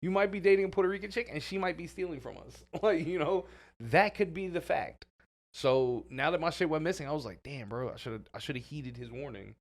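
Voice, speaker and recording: A man, co-hosting a podcast in casual banter, telling animated stories, swearing freely and laughing often. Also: a little high, fairly quick. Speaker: podcast co-host.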